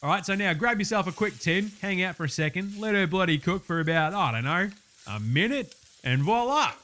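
A man's voice: high-pitched, lively intonation, brisk, bright, forceful tone. A man doing a brash Aussie bloke cooking host. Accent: Australian. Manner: brash, swaggering, crude slang. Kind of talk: comedy sketch.

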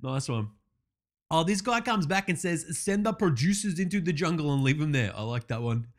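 A man's voice: on the high side, animated, normal speed, close to an everyday voice. A man doing an Australian accent and playing a brash, foul-mouthed sports bloke in a sarcastic comedy parody monologue. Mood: ranting. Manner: swears constantly, sarcastic, says mate a lot.

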